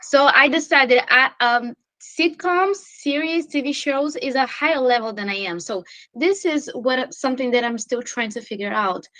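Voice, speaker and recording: A woman teacher shares her thoughts on a video call, pausing and restarting as she hunts for words. Her voice sits a little high. The sound is dry and close. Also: pushed and bright, no room sound, low-quality recording. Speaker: mentee teacher. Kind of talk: casual discussion.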